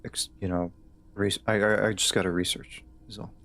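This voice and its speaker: A male streamer with a Southern accent chatting loosely over gameplay. His voice sits on the low side, and he rambles and hesitates, often restarting his sentences. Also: level tone, normal speed, fairly bright tone, a little hiss or hum. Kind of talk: casual gaming stream chat.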